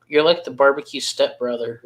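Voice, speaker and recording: A man's voice: mid-range voice, brisk, low-quality recording. A man co-hosting a live barbecue chat, reading comments and trading joking, teasing banter. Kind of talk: casual live-stream chat.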